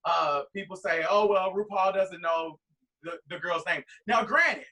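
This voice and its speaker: A drag performer guest telling a long, rambling anecdote full of quoted dialogue. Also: male voice, sits high, a little slow, sharp tone, far from the mic, low-quality recording. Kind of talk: animated storytelling.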